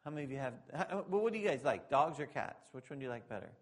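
A male pastor preaching a sermon, moving between loud emphatic preaching and quiet, joking asides to the congregation. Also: medium pitch, big pitch swings, fast talker.

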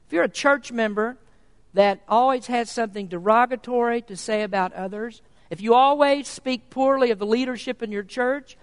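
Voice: medium pitch, moderate pace, clean tone. A preacher delivering a sermon in an emphatic way, posing rhetorical questions and reading scripture in old-fashioned wording. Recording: long reverb of a large hall.

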